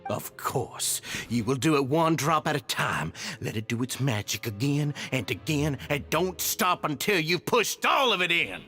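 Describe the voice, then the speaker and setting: A furious Southern tyrant boss. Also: male voice, a little high, lively intonation, measured pace, hardly any pauses, bright, forceful tone, faint music behind. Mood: menacing. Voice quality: snarling, theatrical, ranting. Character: cruel male prison gang boss, furious tyrant. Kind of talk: game voice acting.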